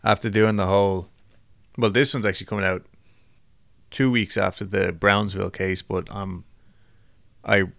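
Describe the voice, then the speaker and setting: A man's voice: low-pitched, vocal fry, a bit bright, dry recording. A man hosting a podcast in casual chat, who swears freely and laughs at himself. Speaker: podcast host.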